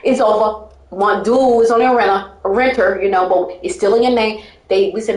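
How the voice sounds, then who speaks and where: A woman's voice: mid-range voice, fairly even intonation, a little fast, a little mellow, reverberant. A woman telling her life story in casual talk, rambling and emphatic, often breaking into laughter.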